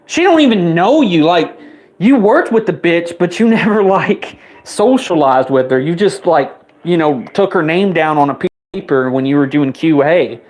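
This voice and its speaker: A man in his twenties delivering an angry, profane rant, his voice jumping higher whenever he gets riled up. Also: expressive, a little mellow. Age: 20s. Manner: heated, rapid-fire swearing, voice spiking up when riled.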